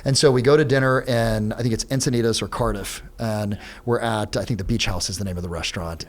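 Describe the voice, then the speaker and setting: A man with a fairly low voice tells a story in a relaxed podcast chat. He is animated and jumps into the voices of the people he quotes. He talks as a sales trainer who is a guest on the show. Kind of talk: casual storytelling. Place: podcast studio.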